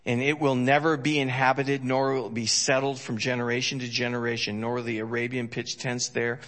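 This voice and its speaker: A man preaching a sermon in a folksy, joking way, swinging from loud emphasis to hushed storytelling. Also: mid-range voice, flat delivery, brisk. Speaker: pastor.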